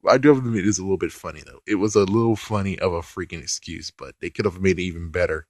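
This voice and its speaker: A man's voice: deep voice, racing, dry recording, clean studio sound. A man reviewing a TV episode in a casual rant, swearing offhandedly and laughing often.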